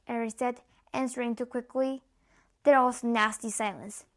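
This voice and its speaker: High-voiced woman reading a story. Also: fairly even intonation, moderate pace. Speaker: narrator. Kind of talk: reading a novel aloud.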